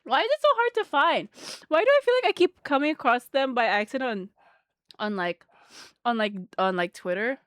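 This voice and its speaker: Young woman streamer just rambling to chat, kinda high voice, bounces around a lot, dry mic. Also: lively intonation, fairly quick, fairly bright tone, clear, resonant tone, dry recording. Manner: chatty, rambling, lots of "like". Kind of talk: casual live-stream chat.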